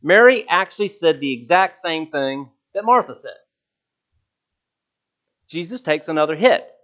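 A male preacher giving a relaxed, conversational sermon with self-deprecating humor. His fairly high voice swings widely in pitch. The recording sounds dull and lo-fi. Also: unhurried.

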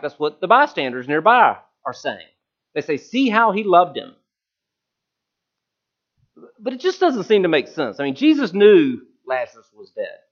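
A male preacher giving a relaxed, conversational sermon with self-deprecating humor. His fairly high voice swings widely in pitch. The recording sounds dull and lo-fi.

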